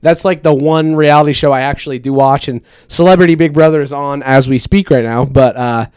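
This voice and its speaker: A young man co-hosts a casual podcast, cracking jokes and dropping curses into the chat. His voice is smooth and resonant. It is recorded dry and close, with little room sound. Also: on the high side, darkish tone, no room sound. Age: 20s. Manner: joking, quick asides, swears casually. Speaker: podcast co-host.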